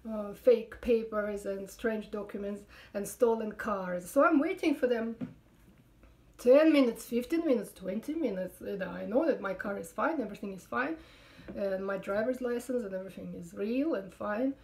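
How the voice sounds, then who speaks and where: A woman's voice: mid-range voice, moderate pace, a little mellow. A middle-aged woman from Russia with a Russian accent, telling a true story as sit-down comedy, chatty and wry with many fillers.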